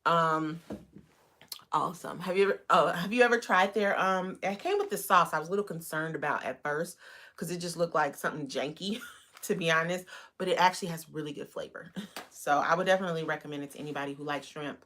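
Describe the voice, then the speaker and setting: A woman hosting a live stream, chatting casually and rambling with lots of fillers. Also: quick pace. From United States. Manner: greets viewers in a bright high voice. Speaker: livestream host.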